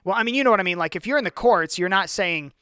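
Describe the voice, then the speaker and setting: A man muses aloud in a casual Bible discussion, asking questions and restarting his sentences. His voice is high and smooth, and the sound is close and dry. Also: lively intonation, quick pace, pushed and bright, dry recording. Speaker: co-host.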